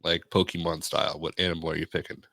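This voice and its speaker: Deep-voiced male podcast host, casual. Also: quick pace, gravelly, no room sound, studio quality. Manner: relaxed and swears casually.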